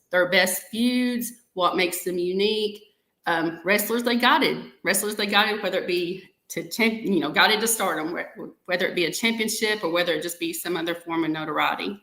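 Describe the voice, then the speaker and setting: A woman's voice: mid-range voice, echoey room. Chatty woman hosting a podcast. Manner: chatty, warm toward viewers, says "y'all" often. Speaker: podcast host. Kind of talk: casual live-stream talk to viewers.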